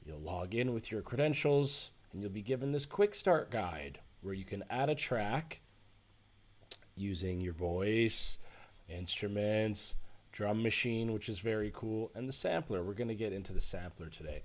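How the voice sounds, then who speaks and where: Man, music production teacher, tutorial walkthrough, fairly low voice, chatty and self-correcting, USB desk mic. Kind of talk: screen-recorded tutorial walkthrough. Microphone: USB desk microphone.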